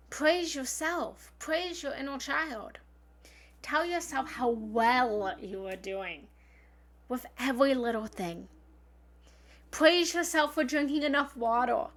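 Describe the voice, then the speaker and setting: A woman giving an earnest, encouraging live-stream self-help talk as a spiritual love coach, speaking frankly and repeating affirmations from her home office. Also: on the high side. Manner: frank, occasionally swears. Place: home office and meditation room.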